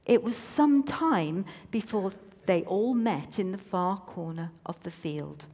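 Woman reading a story, slow, playful asides, long hall reverb. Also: medium pitch, expressive, warm tone, slightly rough.

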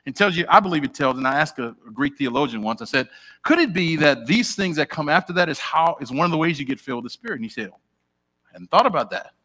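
A middle-aged man preaches a sermon in church, speaking quickly in a slightly high voice. He's animated and conversational, chatting directly with his congregation and putting questions to them.

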